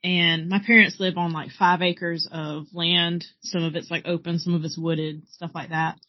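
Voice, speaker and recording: A woman's voice: lowish voice, level tone, moderate pace, no room sound, lo-fi sound. A woman in her thirties co-hosting a podcast, telling stories in casual chat while watching a film. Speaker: podcast co-host. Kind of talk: casual chat during a movie watch-along.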